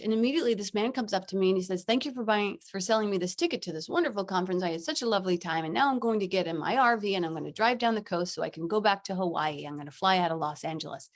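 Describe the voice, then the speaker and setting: A middle-aged woman hosting a spiritual podcast, telling a personal story with laughter and acted-out quotes. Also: medium pitch. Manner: animated, acts out quoted voices, laughs often. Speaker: podcast host.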